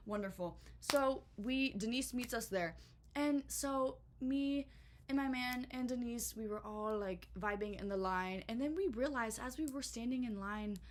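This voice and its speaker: A young woman telling a storytime vlog in a chatty, animated way, full of swearing and filler words. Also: on the high side. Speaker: vlogger.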